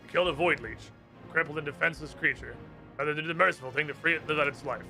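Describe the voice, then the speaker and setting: A man reading aloud the lines of a stern knight order leader judging the hero, in a flat, brisk voice. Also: a little high, vocal fry, soft background music, full character voice. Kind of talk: reading game dialogue aloud.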